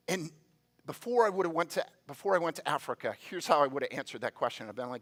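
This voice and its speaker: A man preaching a sermon in a church, telling stories with quick asides and playful voices. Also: fairly high pitch, expressive, fairly bright tone. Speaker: pastor. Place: church sanctuary.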